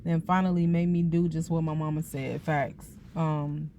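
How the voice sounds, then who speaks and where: Woman, young adult, podcast host, tearful, halting, mellow, lowish pitch. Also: fairly even intonation, a little hiss or hum. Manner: tearful, soft-spoken, halting with fillers. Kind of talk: emotional personal reflection.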